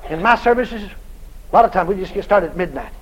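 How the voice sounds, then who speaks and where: A man preaching a sermon through a dramatic story, animated and bursting into shouts. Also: sits high, brisk, lo-fi sound, background noise.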